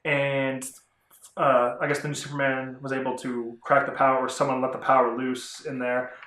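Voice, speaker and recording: A man's voice: mid-range voice, monotone, moderate pace, sharp tone. A man rambling through a casual vlog review of comic books, chatty and often correcting himself. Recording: roomy echo.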